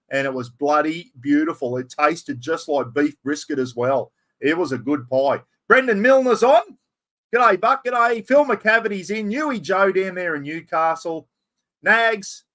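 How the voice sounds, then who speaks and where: A man's voice: fairly high pitch, fairly bright tone. A man with an Australian accent hosting a casual livestream on an external microphone, chatting and greeting viewers by name with broad slang. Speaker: livestream host.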